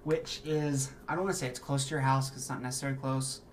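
A man's voice: mid-range voice, fast talker, slight background noise. Man narrating as game master. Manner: descriptive, relaxed, restarts phrases.

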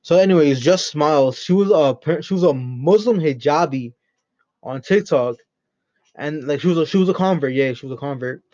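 A man's voice: fairly high pitch, moderate pace, a little mellow. Loose, swearing man on lo-fi mic. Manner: rambling, profane and joking. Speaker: podcast host. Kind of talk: unscripted solo podcast chat. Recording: dull lo-fi recording.

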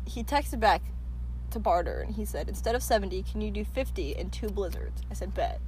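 A woman's voice: mid-range voice, lively intonation, a little fast, a little mellow, slight background noise. A young woman co-hosting a casual podcast in a car, teasing and telling stories with lots of laughter. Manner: giggly, teasing, dramatic storytelling. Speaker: podcast co-host. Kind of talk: casual chat. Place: in a parked car.

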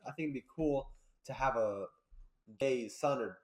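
A young man hosting a casual podcast chat, rambling and breaking into loud laughing bursts. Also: mid-range voice, measured pace, roomy sound. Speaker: podcast host.

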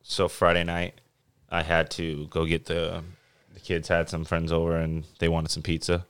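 A man's voice: deep voice, monotone, moderate pace, heavy background noise. A man hosting a podcast, telling a long story in a laid-back, casual way and swearing freely. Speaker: podcast host. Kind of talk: casual chat.

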